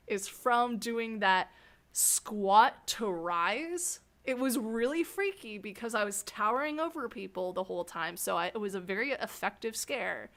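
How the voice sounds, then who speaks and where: A woman hosting an interview, telling rambling anecdotes in a casual, animated way and laughing often. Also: medium pitch. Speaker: host interviewing a fellow scare actor. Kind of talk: casual storytelling chat.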